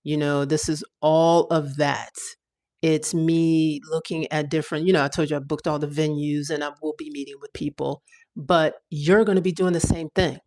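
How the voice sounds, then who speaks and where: Chatty woman hosting a livestream. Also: sits low. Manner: chatty and animated, quick asides. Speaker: livestream host. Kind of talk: casual live chat.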